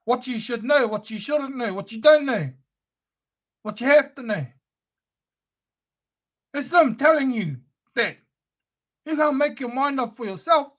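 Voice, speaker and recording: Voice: high voice, animated, a little slow, pauses often, a bit bright. A speaker delivering an angry, profane, sneering spoken-word rant.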